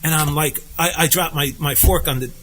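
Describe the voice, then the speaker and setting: Male co-host, high bright voice, animated storyteller, faint background noise. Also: a little fast, poor audio. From United States. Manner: animated storyteller, acts out quotes. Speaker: podcast co-host. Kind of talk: casual political chat.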